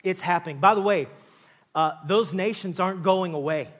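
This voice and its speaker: Man, fairly high voice, conversational sermon, jokey asides. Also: moderate pace, fairly bright tone. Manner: conversational preaching, jokey asides, many "listen" and "all right". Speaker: pastor.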